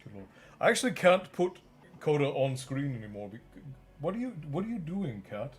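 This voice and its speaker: A man's voice: on the high side, sing-song, a little fast. A young man streaming, reading a novel aloud and chatting casually, teasing his pets. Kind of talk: audiobook-style narration and casual stream chat.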